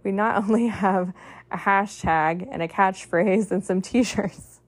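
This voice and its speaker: Speaking slowly in a mid-range voice, a female podcast host shares an earnest motivational monologue straight from the heart. She strings together long, repetitive lists and uses "like" often.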